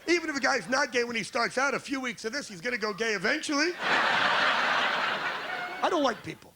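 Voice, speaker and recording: A man's voice: very high-pitched, lively intonation, fairly quick, sharp tone, slight background noise. A man from the United States doing a crude, brash stand-up routine on a comedy club stage, riffing with the crowd.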